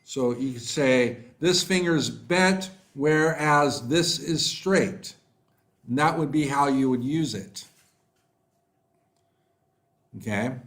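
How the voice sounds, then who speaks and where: A man teaching a live online class. He reads out student answers and praises them by name, talking slowly with many fillers. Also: fairly high pitch, a bit bright. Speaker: online English tutor. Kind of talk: live online class, reading chat replies.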